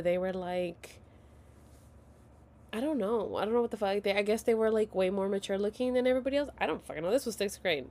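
A woman in her thirties with a medium-pitched, slightly mellow voice tells her viewers at home a story. She's casual, dramatic and profane, and she often drops to a whisper.

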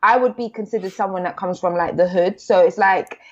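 A woman's voice: medium pitch, fairly quick. Young South London woman, podcast guest, candid and slangy, muffled lo-fi sound. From England. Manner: candid, talks with slang and many fillers. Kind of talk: casual chat.

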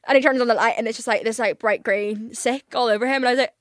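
A woman's voice: a little high, very fast, hardly any pauses, a bit bright, no echo, studio quality. A young Northern Irish woman in her twenties hosting a casual solo podcast, chatty and oversharing, swearing often and filling every gap with "like". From Northern Ireland. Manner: chatty, swears a lot, heavy filler "like". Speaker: podcast host.

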